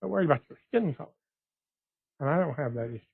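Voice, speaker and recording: A man with a slightly high, husky voice rambles from one thought to the next, circling back and restarting as he goes. The recording is tinny and phone-like and sounds dry, with no room around him. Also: lively intonation, fast talker, no room sound. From West Texas. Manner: rambling, digressive, restarts often. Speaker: blogger. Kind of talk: casual monologue.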